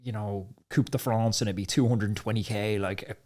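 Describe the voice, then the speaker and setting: A man hosting a podcast, telling lively stories in casual chat and laughing often. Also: lowish voice, normal speed. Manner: animated storyteller, laughs often. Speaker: podcast host.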